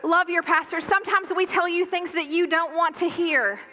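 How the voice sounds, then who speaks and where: Bright, high-voiced woman preaching passionately. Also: steady tone. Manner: impassioned, emphatic preaching with dramatic pauses. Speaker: pastor. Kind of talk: sermon. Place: church sanctuary.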